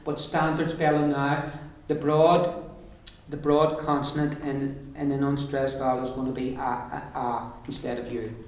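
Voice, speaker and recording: A man teaching a pronunciation class, repeating words slowly for students to drill. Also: mid-range voice, level tone. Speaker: Irish language teacher. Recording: echoey room, distant mic.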